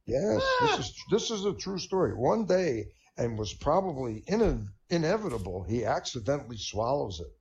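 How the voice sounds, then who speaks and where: Guy with a gravelly voice doing corny stand-up jokes, lively delivery, dull lo-fi online audio. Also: mid-range voice, normal speed, hardly any pauses. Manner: corny, chuckling at his own jokes. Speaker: comedian. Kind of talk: stand-up joke telling. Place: online voice chat room.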